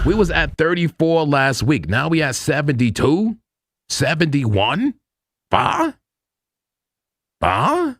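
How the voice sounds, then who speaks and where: A man with a mid-range, fairly bright voice hosts a live crypto trading stream, talking through charts in loose slang and laughing often. It's casual live market commentary, recorded dry with a clean studio sound.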